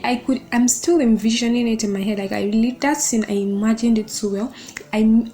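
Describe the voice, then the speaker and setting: A woman's voice: fairly high pitch, mellow. A young woman hosting a podcast, giving a casual and emotional book review, gushing over the story.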